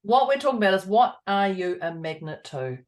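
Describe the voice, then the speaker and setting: Husky-voiced Australian woman podcast host. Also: mid-range voice, expressive, fairly quick, darkish tone. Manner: chatty, laughs often, playful. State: husky, throat going hoarse. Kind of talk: casual chat.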